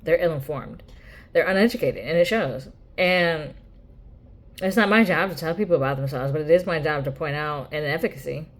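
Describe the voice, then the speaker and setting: In a casual vlog monologue, a woman goes on a blunt, profane rant, imitating others in mocking quoted voices. Her voice is low and her pace moderate.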